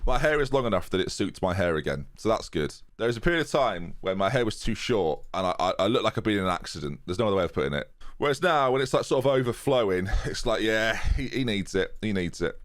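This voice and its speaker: A young gaming YouTuber with a fairly low voice talks fast and animatedly over his football-management game. It's a casual let's-play, full of rambling jokes and asides for viewers, captured on a USB desk mic.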